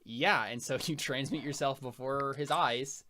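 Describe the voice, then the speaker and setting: Brief: young male game master, bright, forceful voice, rambling and laughing as he narrates. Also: mid-range voice, measured pace, a little hiss or hum. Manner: rambling, full of fillers and laughs.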